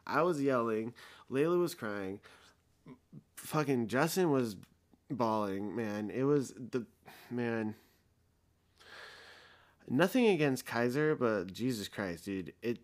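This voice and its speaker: A man in his thirties hosting a podcast, telling a story in a casual, rambling, heated way with plenty of swearing. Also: mid-range voice. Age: 30s. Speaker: podcast host.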